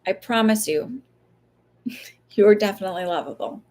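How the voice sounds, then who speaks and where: Her voice is medium-pitched, unhurried, and somewhat dark. She's a psychic medium doing casual advice talk on a live stream, rambling and chatty, quick to swear and laugh, and fond of acting out little voices.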